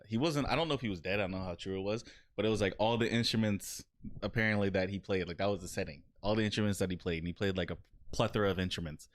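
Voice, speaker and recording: Young male podcast co-host, low voice, loose slangy storyteller. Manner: slangy, rambling storyteller who acts out quotes. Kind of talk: casual chat.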